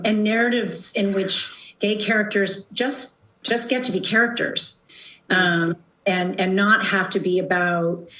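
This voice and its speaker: A woman executive speaking on a call, halting and hesitant with frequent pauses and restarts. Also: mid-range voice, fairly bright tone. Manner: halting, many fillers and restarts. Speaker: company executive. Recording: roomy call audio.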